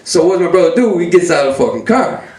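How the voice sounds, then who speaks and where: A man's voice: a little high, big pitch swings, fast, darkish tone, distant mic. A young man telling a profane, breathless story on stage at a live story slam. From Chicago. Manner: profane, breathless, acts out the voices of people in the story. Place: live event room. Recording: roomy echo, voice from off-mic.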